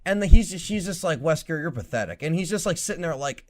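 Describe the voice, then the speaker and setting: A young man co-hosting a casual podcast, talking in an animated, profane way and mocking lines as he retells scenes. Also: fairly high pitch, fast talker. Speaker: podcast co-host.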